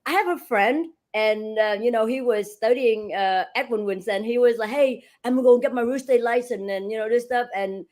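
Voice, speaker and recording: A middle-aged woman guest telling lively stories in an interview. She acts out the dialogue, laughs often, and speaks with non-native grammar. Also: a little high, brisk, hardly any pauses. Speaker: real estate broker and franchise owner, guest. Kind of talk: animated storytelling in an interview.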